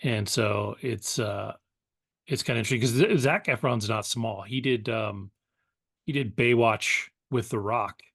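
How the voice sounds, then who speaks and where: Relaxed man in rambling podcast chat. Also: fairly low pitch, unhurried, gravelly, husky, no room sound, studio quality. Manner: relaxed, rambling, many fillers. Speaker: podcast co-host. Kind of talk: casual pop culture chat.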